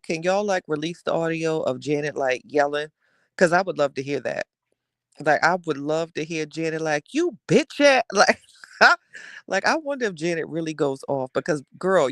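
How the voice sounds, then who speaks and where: A man's voice: on the high side, fairly bright tone, dry recording, clean studio sound. Sassy man dishing gossip. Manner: sassy, dramatic, drawn-out storytelling; addresses listeners directly as "child" and "y'all". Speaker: podcast host reading live chat. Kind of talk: casual gossip chat.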